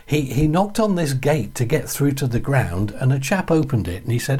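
A man with a Yorkshire accent, chatting through a lively anecdote as a guest. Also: medium pitch, moderate pace, few pauses, husky. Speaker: guest storyteller. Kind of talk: casual anecdote.

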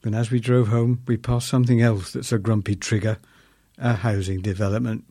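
A man's voice: medium pitch, fairly even intonation, fairly quick, dark tone, no echo, clean studio sound. Wry older Englishman reading a story. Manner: wry, self-mocking and grumbling. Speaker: columnist reading his own piece. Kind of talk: humorous first-person story reading.

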